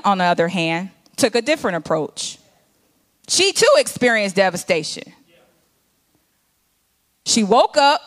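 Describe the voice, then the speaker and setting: A woman's voice: on the high side, a bit bright. A woman minister preaching a conversational sermon, acting out scenes from the scripture.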